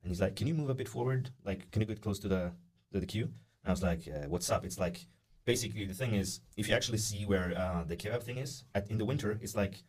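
A man's voice: fairly low pitch, quick pace. A young man telling a long story in a casual podcast chat, acting out the voices of people in it, with lots of "uh" and "like" fillers. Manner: animated, acts out the voices of people in his story; many "uh" and "like" fillers. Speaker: podcast guest.

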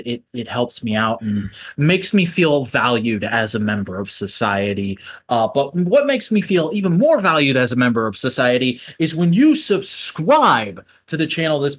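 Hype-man podcast host, lo-fi. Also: mid-range voice. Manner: playful hype-man plugging, lively. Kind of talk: casual podcast outro. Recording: dull lo-fi sound.

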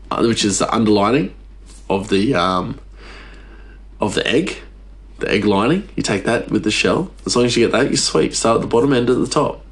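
A man hosting a podcast, ranting casually in a rambling, exasperated way, his voice jumping up for emphasis. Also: fairly low pitch. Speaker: podcast host. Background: faint music.

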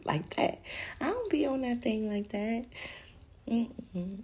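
A woman's voice: on the high side, sing-song, slow, long pauses, dark tone. A woman hosting a podcast, talking alone in a rambling, profane, casual way and laughing often. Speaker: podcast host. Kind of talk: casual solo chat.

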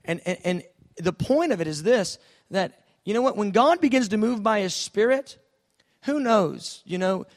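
A male pastor preaching a sermon, telling stories with lively, animated delivery and acted-out voices. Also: high voice. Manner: animated storytelling, acting out voices, drops soft for quoted God.

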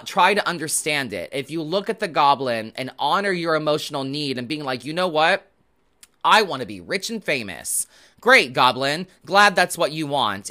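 A man's voice: a little high, sharp tone. A man hosting a show, giving a casual, rambling tarot reading to viewers with the odd swear word. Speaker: host and tarot reader.

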